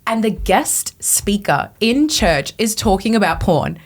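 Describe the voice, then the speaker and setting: A woman in her twenties, a podcast guest, telling her personal testimony in an animated way, acting out her past thoughts. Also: medium pitch, measured pace. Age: 20s.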